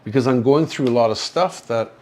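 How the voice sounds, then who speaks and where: A man from Canada hosting a casual livestream from a hospital room, rambling slowly with many fillers, drowsy and slurring from painkillers. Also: mid-range voice, noisy background. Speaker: livestream host. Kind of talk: casual livestream chat reading viewer comments.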